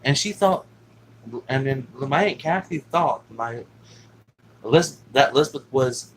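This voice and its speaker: A man's voice: mid-range voice, lively intonation, unhurried, slight background noise, rough recording. Rambling, cursing man telling a story. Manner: rambling, profane, with many fillers. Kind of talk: casual personal storytelling.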